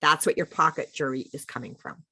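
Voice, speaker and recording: A woman leading a group book discussion, explaining slowly and with emphasis. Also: low-pitched, bright, forceful tone, slightly rough, no room sound. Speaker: discussion leader.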